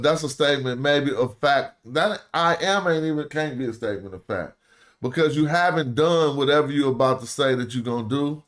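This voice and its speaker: Dude breaking down grammar, slangy, keeps restarting and throwing questions at you. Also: male voice, mid-range voice. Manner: slangy, repeats and restarts, asks the listener questions. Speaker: teacher of ancient Egyptian. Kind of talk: casual live lesson.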